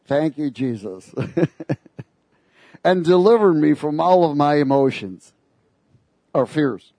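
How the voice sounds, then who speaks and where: A man preaching in an animated, sarcastic way, breaking into little laughs between his points. His voice sits fairly high for a man. The sound is dry and close, with no room around it. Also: takes it slowly, no room sound. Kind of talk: sermon.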